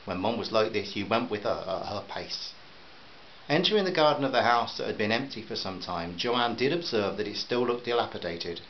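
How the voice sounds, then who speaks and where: A man reading a short story aloud in a measured, even storytelling manner. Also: fairly low pitch, lo-fi sound, a little hiss or hum. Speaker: narrator. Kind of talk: scripted narration.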